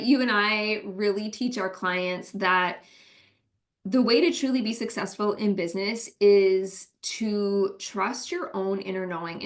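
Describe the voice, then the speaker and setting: Middle-aged woman, business coach, earnest and reflective, keeps asking "right?" as she answers. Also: mid-range voice. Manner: earnest, often asks "right?".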